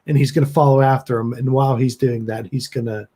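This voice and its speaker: A man's voice: mid-range voice, fairly even intonation, fast talker, mellow, husky. A man playing a tabletop horror game, describing what his character does. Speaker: player.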